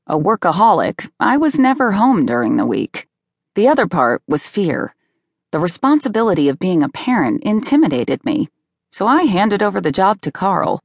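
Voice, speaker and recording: A woman's voice: on the low side, no room sound. A woman narrating a memoir audiobook in a wry first-person reading. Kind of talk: scripted narration. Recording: dry close studio sound.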